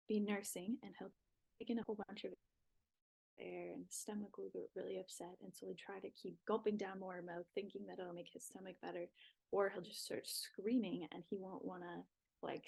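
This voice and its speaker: Gravelly, breathy young woman sharing lessons. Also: mid-range voice, poor audio. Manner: reflective, talks with her hands. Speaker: podcast guest. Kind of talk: casual faith talk.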